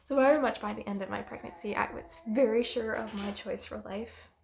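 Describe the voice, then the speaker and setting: A young woman in her twenties rambling through a personal story in a vlog, soft and emotional with many pauses and ums. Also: medium pitch, creaky, a little hiss or hum. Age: 20s. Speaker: vlogger.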